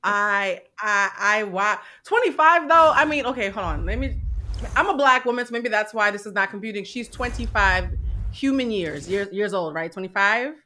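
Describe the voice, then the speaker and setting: Bright, sarcastic woman co-host. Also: mid-range voice, normal speed. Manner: animated, sarcastic. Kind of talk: casual gossip show chat.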